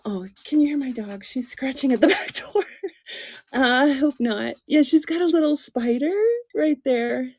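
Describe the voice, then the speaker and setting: A woman's voice: sits high, moderate pace, a little mellow, slightly rough. A woman hosting a casual doll chat live stream from home, rambling and giggling as she talks toward a tablet. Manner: chatty, giggly, rambling with fillers. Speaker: doll channel host. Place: home room, seated on a chair. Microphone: tablet on a stand.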